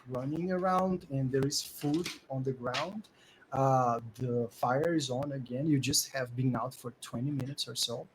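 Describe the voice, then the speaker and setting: A man with a Portuguese-speaking background narrating as game master in a lively storytelling way. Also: medium pitch, a little hiss or hum, poor audio. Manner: lively storytelling with many "like" fillers. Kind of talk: narrating a tabletop game in English.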